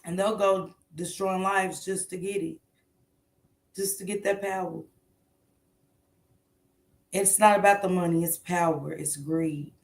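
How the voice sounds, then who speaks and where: A woman's voice: lowish voice, fairly even intonation, unhurried, long pauses, reverberant. A woman hosting a casual morning commentary show, talking bluntly and emphatically with plenty of swearing.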